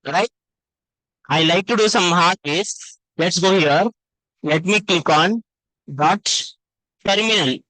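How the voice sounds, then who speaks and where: A man leads a live online coding lesson through a computer mic. His voice is bright and the sound is dry and close. He repeats phrases and keeps calling his students sir and ma. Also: high voice, dry recording, low-quality recording. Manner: repetitive, addresses students as sir and ma. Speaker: coding teacher.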